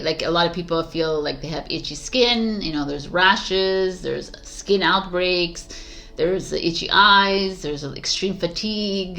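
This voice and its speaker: A woman with a fairly low voice talks casually as a tarot reader, sharing her thoughts with viewers. She rambles and reflects aloud, trailing off with fillers and breaking into soft laughs. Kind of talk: casual spiritual talk to viewers.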